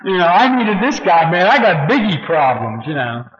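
A man's voice: high-pitched, sing-song, normal speed, fairly bright tone. Guy telling his recovery story, folksy, laughs a lot, says you know constantly, muffled old tape sound. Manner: folksy, chuckling often, peppered with "you know". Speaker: speaker sharing his recovery story at a meeting. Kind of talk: personal testimony storytelling. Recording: dull lo-fi tape recording.

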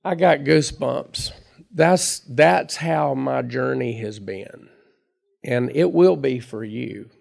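A man's voice: medium pitch, slow pace, gravelly, darkish tone. A middle-aged man telling his recovery story in a folksy, chatty way, laughing at himself. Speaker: recovery meeting speaker. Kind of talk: personal storytelling talk.

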